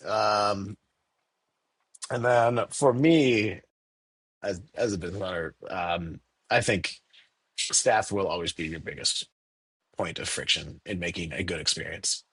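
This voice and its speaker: A man with a low, slightly husky voice, recorded close and dry with no room around him. He chats casually in an interview about running his store. He keeps lively and breaks into quick quoted lines in a higher voice. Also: dry recording. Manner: animated, acts out quotes in a raised voice. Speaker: candy store owner.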